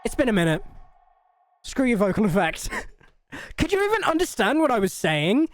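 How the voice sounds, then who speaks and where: A woman's voice: a little high, big pitch swings, normal speed. A woman live-streaming, chatting casually to her viewers in a blunt, sweary, ranting way.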